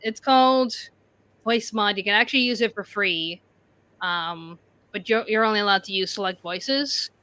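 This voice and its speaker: A woman's voice: mid-range voice, moderate pace, pushed and bright. A woman co-hosting a podcast, chatting casually and explaining her streaming setup. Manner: chatty, explaining tech settings. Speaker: podcast co-host. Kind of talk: casual live-stream chat.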